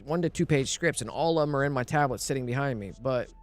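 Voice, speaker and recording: A man's voice: medium pitch, quick pace. A man streaming live, rambling and thinking aloud in casual talk, often repeating himself and asking if you know what he means.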